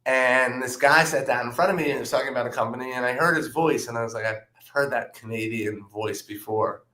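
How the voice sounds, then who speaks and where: A man, a trader, telling stories from his career in a relaxed anecdotal way, with plenty of "um" and "like". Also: medium pitch, quick pace. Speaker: trader and guest. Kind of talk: casual storytelling. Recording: roomy echo.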